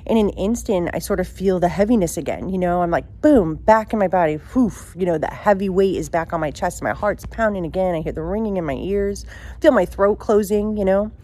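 A woman telling a personal childhood story in the present tense, halting and emotional, with many fillers and restarts. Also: on the low side, warm tone.

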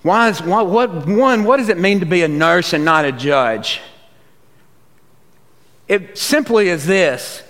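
A man's voice: fairly high pitch, a bit bright. A man, a youth pastor giving a sermon in a folksy, conversational storytelling way. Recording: long reverb of a large hall.

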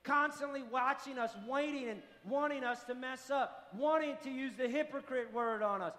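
High-voiced man preaching in a reverberant hall. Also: normal speed, bright, forceful tone. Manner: impassioned, repetitive declarations. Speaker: pastor. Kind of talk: sermon. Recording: long hall reverb, faint music.

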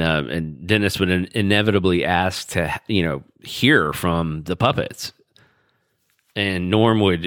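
A man hosting a podcast, telling stories in a rambling, relaxed way. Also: low voice, dry recording, clean studio sound. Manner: rambling, relaxed storytelling with fillers. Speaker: podcast host. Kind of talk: casual chat.

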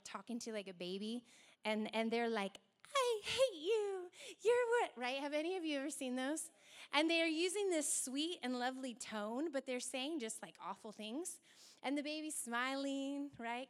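A young adult woman preaching a sermon in an animated way, acting out quoted voices as she goes. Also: high-pitched.

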